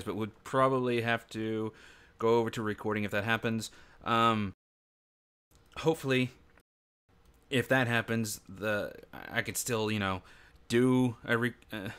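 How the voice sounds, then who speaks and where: A man's voice: lowish voice, clear, resonant tone. A man running an online tabletop role-playing game on stream, talking casually with fillers and frequent laughs. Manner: relaxed, laughs often, trails off with fillers. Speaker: game master.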